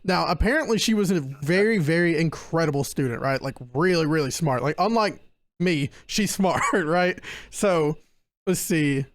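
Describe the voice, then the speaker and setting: A young man hosts a relaxed podcast chat with a fairly high voice. He reads from his notes, breaking into laughs and fumbling unfamiliar names. The sound is dry, with no room around it. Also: moderate pace, no echo. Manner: laughs often and stumbles over names while reading notes. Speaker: podcast host presenting a case.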